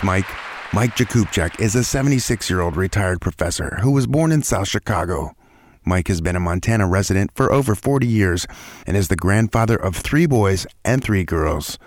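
A man's voice: on the low side, dry recording, clean studio sound. A man hosting a storytelling event, introducing the speakers in a read, announcer-like way. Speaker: host.

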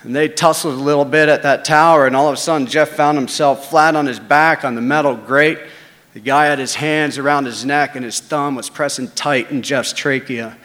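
A man's voice: a little high, fairly even intonation, normal speed, a bit bright, in a large hall. A man casually telling a first-person story, conversational and salty.

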